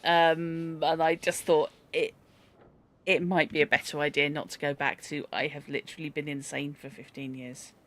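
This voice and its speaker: Chatty, bright-voiced game streamer. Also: medium pitch, slight background noise. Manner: chatty, reads from a dictionary, rambles, exclaims at a cat. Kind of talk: let's-play commentary.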